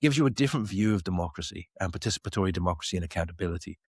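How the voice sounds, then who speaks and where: In a low, slightly rough voice that races along, a middle-aged Isle of Man native who runs a space company tells lively stories as a podcast guest, performing the dialogue of those he quotes. The studio-quality audio has no echo.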